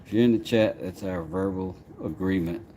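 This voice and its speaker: Warm and deep-voiced, a man streams live at a moderate pace while working on woodwork. He chats casually, cracking jokes and muttering to himself as he goes, over a noisy background.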